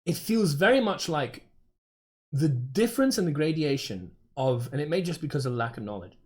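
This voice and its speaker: Chatty English man, a bit high-pitched. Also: expressive, normal speed, a little mellow. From England, Dorset. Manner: rambling, chatty, self-interrupting with many fillers. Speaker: game streamer. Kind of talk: casual chat while streaming a game.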